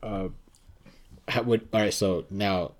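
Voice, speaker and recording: A man with a very deep, low voice, chatting with friends. He drops dry jokes and short teasing asides into the conversation. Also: steady tone, slow pace. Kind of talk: casual chat.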